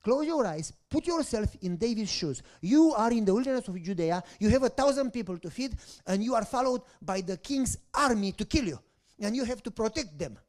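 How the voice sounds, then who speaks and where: A man preaching a sermon, telling a story with rhetorical questions to the congregation and swinging between hushed lines and loud bursts. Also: high voice, expressive, a little fast. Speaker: pastor.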